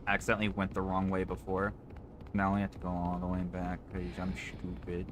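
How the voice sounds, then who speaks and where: A man's voice: low voice, completely flat delivery, background noise. A man streaming a horror game, chatting casually with a co-player and stumbling through fillers and restarts. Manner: stammering, full of fillers and restarts; quick, mumbled asides to himself. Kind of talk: casual chat while gaming.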